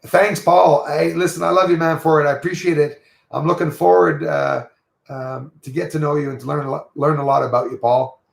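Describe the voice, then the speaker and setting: A man's voice: fairly high pitch, steady tone, brisk, gravelly, echoey room. A man from Quebec with a Quebec French accent, hosting a casual livestream, greeting viewers and rambling in a friendly way. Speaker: livestream host.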